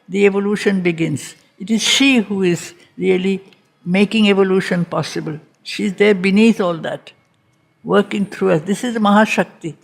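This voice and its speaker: Leading a reading group, this woman lectures slowly and spiritually on a poem, repeating phrases to stress them. Her voice is medium-pitched with vocal fry.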